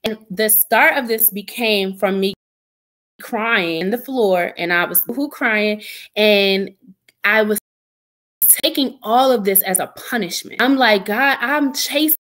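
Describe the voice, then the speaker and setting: A woman's voice: mid-range voice, takes it slowly, fairly bright tone. A young adult woman giving an earnest, emotional personal testimony as a podcast guest, often quoting her own prayers.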